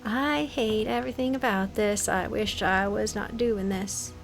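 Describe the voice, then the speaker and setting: A woman's voice: mid-range voice, fairly even intonation, a little slow, creaky, soft background music, poor audio. A young woman casually commenting as she plays a creepy game, chatty and jokey, dropping into nervous whispers. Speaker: gaming video host.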